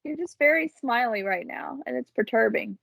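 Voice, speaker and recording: A woman's voice: a little high, expressive, moderate pace, vocal fry, a bit bright, no room sound. A woman co-hosting a podcast, teasing the others playfully and using "like" a lot. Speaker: podcast co-host. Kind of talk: casual podcast chat.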